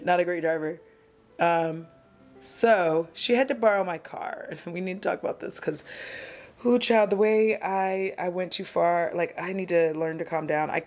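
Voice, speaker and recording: Chatty, candid woman vlogger rambling. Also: lowish voice. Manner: self-deprecating, candid. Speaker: beauty vlogger. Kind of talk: casual get-ready-with-me chat.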